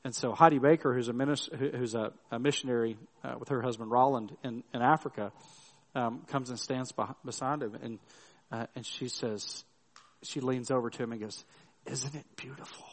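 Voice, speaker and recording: A middle-aged man preaches at an ordinary pitch, telling stories casually, restarting phrases and checking in with his listeners. His voice carries a long reverb that rings through a church hall. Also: steady tone, fairly quick. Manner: conversational storytelling with restarts and tag questions. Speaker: pastor. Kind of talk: sermon.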